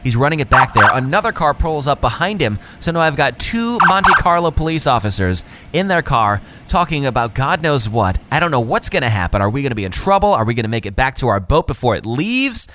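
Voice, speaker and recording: A man's voice: mid-range voice, very animated, a little fast, few pauses, heavy background noise. A man in his thirties from Wisconsin, a chatty, jokey podcast host telling stories. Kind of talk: casual monologue.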